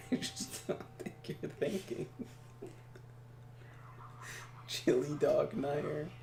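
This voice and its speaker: A man's voice: on the high side, very slow, creaky. A man watching a video game being played, joking and rambling in casual chat and laughing often. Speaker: co-host watching and commenting. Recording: roomy sound with faint hum.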